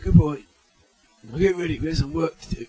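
A man's voice: a little high, a little fast, music in the background, natural voice, poor audio. A man playing a curt, commanding thug leader who serves a master. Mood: menacing. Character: bossy male thug leader, menacing henchman.

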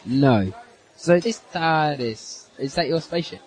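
A man's voice: on the high side, unhurried, darkish tone, a little hiss or hum, natural voice, poor audio. A man playing a young, streetwise man who talks bluntly and eagerly. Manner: blunt, streetwise, short replies. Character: young male street kid, cocky but eager.

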